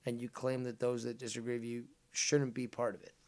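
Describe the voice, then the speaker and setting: A man with a gravelly voice comments with biting sarcasm on a clip he plays. He sinks into low mutters, then flares into sharp retorts. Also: monotone, fairly quick, a little hiss or hum. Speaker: drama commentary host.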